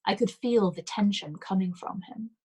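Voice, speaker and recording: A woman reading a novel aloud as a bedtime storyteller, in a calm, measured way. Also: mid-range voice, breathy edge, rough recording.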